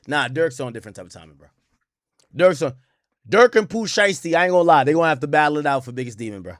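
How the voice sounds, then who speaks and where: A man hosting a live stream, reacting to news with animated, profane commentary. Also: a little high, fast talker, dry recording, clean studio sound. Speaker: streamer host.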